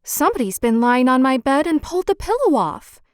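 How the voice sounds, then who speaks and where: A woman voicing a middle-sized motherly female bear in a storybook reading, in a prim, even manner. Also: high voice, brisk, dry recording, studio quality, pitched above the performer's own voice. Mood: indignant.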